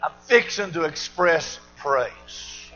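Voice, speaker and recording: An older man, preaching a fiery sermon in a church and shouting and whooping with exuberance. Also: a little high, animated, slow, dull audio, soft background music. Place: church service.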